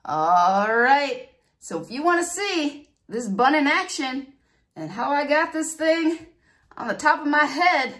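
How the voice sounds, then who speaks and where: A woman beauty vlogger telling stories and walking through a hair tutorial in a chatty, animated way. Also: sits high, takes it slowly. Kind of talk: casual storytelling and hair tutorial.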